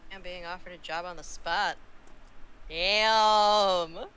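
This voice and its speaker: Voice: mid-range voice, steady tone, slow pace, bright, forceful tone, clean tone, low-quality recording. A player at a tabletop game, reacting with jokes. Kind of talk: casual tabletop play.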